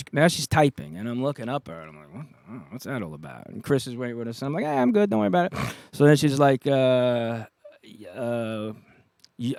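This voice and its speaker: New York man telling a lively story. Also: medium pitch, no echo. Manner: animated anecdotes, acts out quoted voices, laughs often. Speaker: guest, retired police officer. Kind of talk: casual storytelling.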